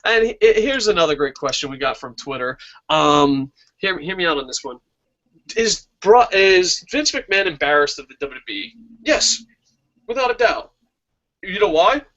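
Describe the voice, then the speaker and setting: Brief: male wrestling-stream host, excitable and profane, bright, forward tone, dull lo-fi sound. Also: sits high, normal speed. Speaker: wrestling talk show host. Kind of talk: casual live-stream chat.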